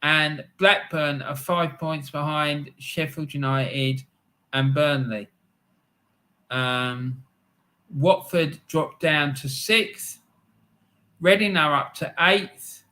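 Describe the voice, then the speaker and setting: A man's voice: fairly high pitch, steady tone, slow pace, sharp tone. A middle-aged man hosting a live football stream, chatting casually, rambling through anecdotes and laughing often.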